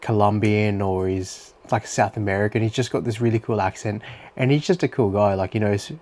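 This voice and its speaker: A man's voice: fairly low pitch, fairly even intonation, fairly quick, darkish tone. A young Australian man talking through his day in a chatty, rambling diary-style monologue full of fillers. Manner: rambling and chatty, with many fillers and some swearing. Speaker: vlogger.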